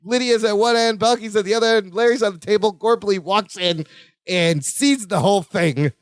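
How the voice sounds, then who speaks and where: A man's voice: sits high, normal speed, smooth, no room sound, studio quality. A man co-hosting a podcast, retelling a sitcom episode in casual chat and acting out the characters' lines. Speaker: podcast co-host.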